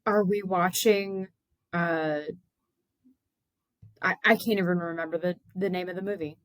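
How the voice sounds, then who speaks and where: A woman co-hosting a podcast, chatting in a relaxed, joking way. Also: lowish voice, measured pace, no echo. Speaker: podcast co-host. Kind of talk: casual chat.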